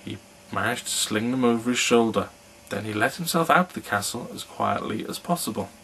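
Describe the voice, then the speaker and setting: A man reads a fairy tale aloud in an unhurried storyteller's manner. His voice is mid-pitched with a bright, forceful tone. A faint hiss runs underneath. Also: animated, rough recording.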